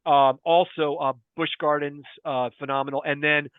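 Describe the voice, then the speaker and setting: A man's voice: on the high side, flat delivery, normal speed, clean tone, dry recording. A man guesting on a podcast, a chatty storyteller who laughs often in casual talk. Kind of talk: casual chat. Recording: tinny phone-like line.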